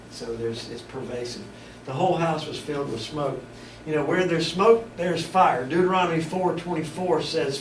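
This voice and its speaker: This man, with a fairly high-pitched voice, teaches a Bible study casually, often breaking off mid-thought to begin again. The mic sits far away in a reverberant room, with steady background hiss throughout.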